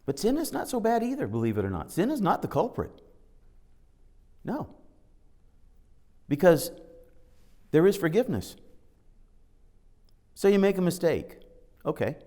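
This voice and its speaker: A man's voice: on the high side, huge pitch swings, a little slow, long pauses, mellow. Man giving a conversational spiritual talk. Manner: conversational storytelling, acting out dialogue; reads scripture aloud. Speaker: spiritual teacher.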